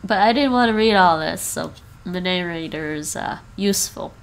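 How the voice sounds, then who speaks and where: A woman's voice: on the low side, moderate pace, creaky. A woman chatting casually on a language-learning livestream, sniffly from the cold, repeating words after an app and laughing often. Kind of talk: casual livestream chat while practicing pronunciation.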